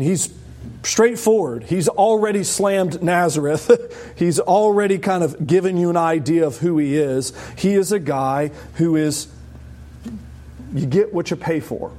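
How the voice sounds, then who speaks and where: A man preaches a sermon to a congregation, animated and emphatic, often rising sharply in pitch to stress a point.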